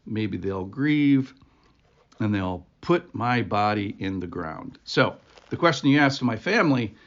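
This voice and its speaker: A man's voice: on the low side, expressive, a little slow. A man hosting a devotional podcast, speaking in an earnest, conversational, reflective way. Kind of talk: informal devotional talk. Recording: dull lo-fi recording.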